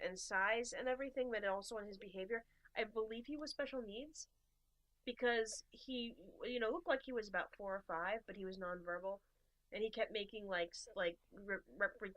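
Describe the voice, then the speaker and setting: A woman's voice: on the high side, a bit bright. Chatty young American woman. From USA. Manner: chatty storyteller, acts out dialogue in quoted voices. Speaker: podcast co-host. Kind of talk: casual chat.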